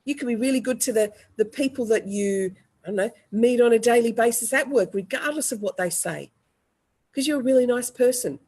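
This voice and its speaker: A woman, an EFT practitioner, leading a guided group tapping session with slow, repeated affirmations and coaching participants by name. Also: a little high, mellow, breathy edge.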